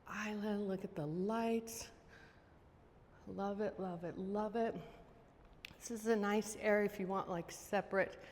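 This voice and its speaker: A woman's voice: medium pitch, big-room sound. A woman real estate agent giving a casual walking tour of a house, chatty and enthusiastic as she points out features. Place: outdoors then inside a large house.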